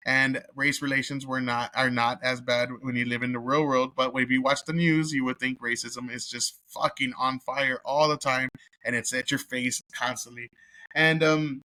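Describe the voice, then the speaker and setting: A man's voice: medium pitch, bright, forceful tone. A man giving a casual, rambling movie review, swearing constantly and laughing as he retells scenes. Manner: profane and rambling, heavy cursing with filler words; amused, laughs while telling the story. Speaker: vlogger reviewing a film.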